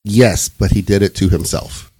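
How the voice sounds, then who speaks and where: Mann mit tieferer Stimme, Podcast-Moderator. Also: male voice, low-pitched, normal speed, mellow, breathy edge, no echo. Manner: laughs often, loose and rambling. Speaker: podcast host. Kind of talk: casual chat.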